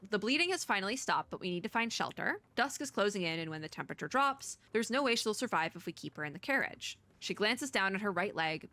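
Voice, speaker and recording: Bright-voiced woman reading game story. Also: mid-range voice, no echo. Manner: chatty, with quick side comments and laughs. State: voice getting worn. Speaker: VTuber streamer.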